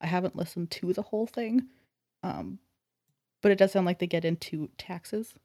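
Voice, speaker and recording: A young woman co-hosts a casual podcast in a lowish voice, recorded close and dry. She trades teasing, dry remarks and reads promos plainly. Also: normal speed, mellow, no room sound. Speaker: podcast co-host. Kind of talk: casual chat.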